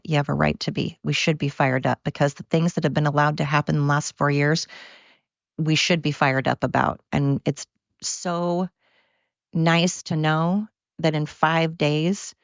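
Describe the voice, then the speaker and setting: A woman's voice: deep voice, gravelly, no echo, muffled recording. A woman hosting her own podcast, ranting in a heated, blunt way and swearing freely. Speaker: podcast host. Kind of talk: solo podcast rant.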